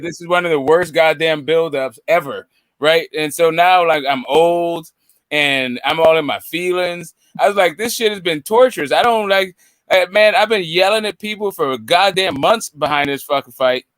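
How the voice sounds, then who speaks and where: A man with a fairly high voice commenting on boxing in a wry, fed-up tone full of sarcasm. The recording is dry and close. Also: normal speed, a bit bright, no room sound. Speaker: boxing podcast panelist. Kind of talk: casual commentary.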